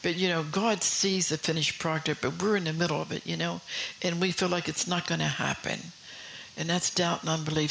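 Male preacher, gravelly, slightly high voice, fervent sermon with whispered asides. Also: steady tone, brisk, bright, forceful tone, a little hiss or hum, poor audio. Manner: fervent, rhetorical questions to the congregation.

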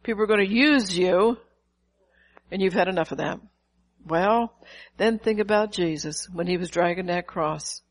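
A woman's voice: fairly low pitch, normal speed, rough recording. Older woman pastor preaching. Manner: lively preaching with rhetorical questions and acted-out quotes. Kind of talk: sermon.

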